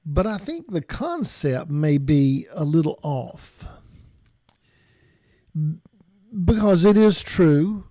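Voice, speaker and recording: Slow, mellow-voiced preacher. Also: male voice, a little high, no room sound, studio quality. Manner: slow and reflective, with frequent restarts. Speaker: pastor. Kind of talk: sermon.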